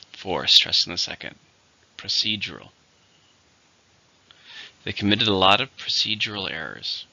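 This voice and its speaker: Bright, gravelly male vocabulary teacher. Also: lowish voice. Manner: slow, deliberate, repeats each word clearly. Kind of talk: scripted vocabulary lesson. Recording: dull lo-fi recording.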